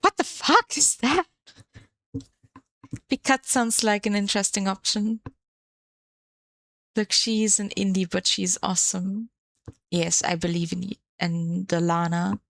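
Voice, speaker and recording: A woman's voice: mid-range voice, little pitch movement, unhurried, creaky, no room sound. A woman streamer chatting casually on a live stream, playful and swearing freely into a desk microphone.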